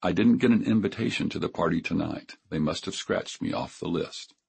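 A man voicing a friendly young woman college student in a gentle, sympathetic way. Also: low voice, fairly quick, gravelly, slightly rough, heavily acted.

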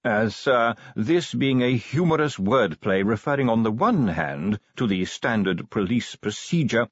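A man voicing a prim, smooth-spoken middle-aged butler with a formal, deferential manner in an audiobook. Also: mid-range voice, lively intonation, a little slow, no echo, dull audio, pitched above the performer's own voice.

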